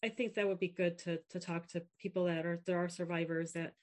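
A woman's voice: lowish voice, a little fast. A young woman talking frankly in a casual interview, telling stories and acting out what others said. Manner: frank, animated storyteller, quotes others in voices. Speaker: app founder and guest. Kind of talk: candid casual interview talk.

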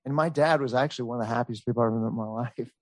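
A man in his thirties telling a long family story in casual chat, rambling and animated, with many fillers. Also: medium pitch, racing, dry recording. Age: 30s. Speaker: storyteller guest.

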